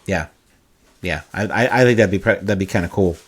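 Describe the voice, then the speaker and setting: A man's voice: low voice, brisk, husky. A man co-hosting a casual podcast, explaining things at length with hyperbole, cursing and many "uh"s. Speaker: podcast co-host.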